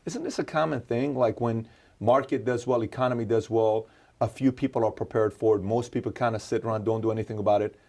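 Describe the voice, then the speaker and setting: A man's voice: mid-range voice, fairly even intonation, fast, creaky, a little mellow. A man interviewing a guest, agreeable, asking long rambling questions.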